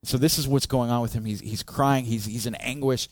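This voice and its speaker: A man's voice: medium pitch, fairly quick, no room sound. A male pastor preaching a sermon in a conversational way, asking the congregation questions and acting out cries in a raised voice. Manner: expressive, acts out the psalmist's cries with raised voice.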